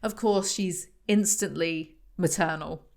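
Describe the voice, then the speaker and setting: A woman's voice: on the low side, slow pace, creaky, darkish tone. A woman doing a comedic book review, with sarcastic, mocking asides between read-aloud passages.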